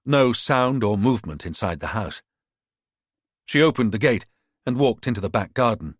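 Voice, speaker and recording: Lively low-voiced male audiobook narrator. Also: no echo, clean studio sound.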